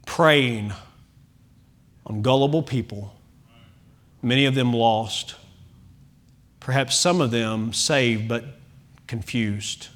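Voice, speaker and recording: A man preaching a sermon as pastor, emphatic, with big swings in loudness and chatty asides and self-corrections. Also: mid-range voice, takes it slowly, long pauses.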